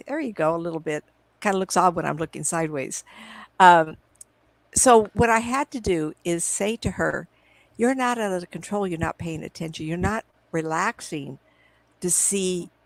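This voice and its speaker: A middle-aged woman with a gravelly, creaky edge tells stories as a guest in an interview. Her voice comes dry and close through a computer microphone at home. She rambles from one point to the next and acts out old conversations in quoted lines. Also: fairly low pitch, unhurried, dry recording, low-quality recording. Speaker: psychic medium guest. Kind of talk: casual interview storytelling. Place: at home on a video call.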